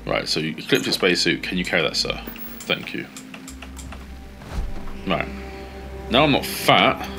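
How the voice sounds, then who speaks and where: A man casually commentating his video game play, swearing often and yelling at in-game companions. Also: sits low, sing-song, measured pace, long pauses, soft background music. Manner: swears a lot, shouts at teammates. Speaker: gaming streamer.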